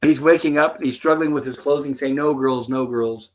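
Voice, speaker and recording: Guy hosting a chill review chat, reads out the lines from scenes, mid pitch. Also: fairly quick. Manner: retells scenes, quoting the characters' lines. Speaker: host. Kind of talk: casual episode commentary.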